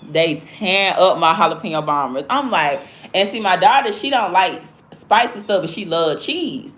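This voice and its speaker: A woman's voice: on the low side, expressive, normal speed, fairly bright tone. A woman with a Southern accent from Alabama, hosting a casual livestream chat in a blunt, slangy, rambling way. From Alabama, USA. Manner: blunt, slangy and chatty, drifting between stories. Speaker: livestream host.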